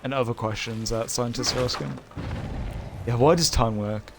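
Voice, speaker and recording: Over background music, a young man with a British accent and a medium-pitched, fairly even voice talks at a moderate pace as he streams a game. He rambles hesitantly, using lots of fillers and slipping short laughs between comments.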